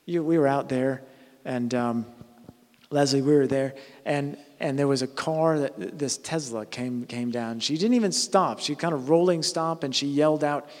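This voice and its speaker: A man's voice: medium pitch, normal speed, big-room sound. A man preaching a conversational sermon, earnest, often restarting and correcting himself mid-sentence.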